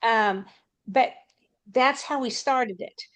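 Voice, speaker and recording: A woman's voice: a little high, takes it slowly, a bit bright. A woman who works as a school counselor, telling a matter-of-fact anecdote in a panel talk.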